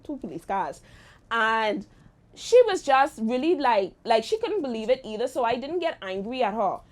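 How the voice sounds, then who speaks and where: A young adult woman hosting a show, telling a personal story in a lively, animated way. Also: mid-range voice. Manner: lively, animated retelling with exclamations. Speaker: host. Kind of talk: storytime monologue.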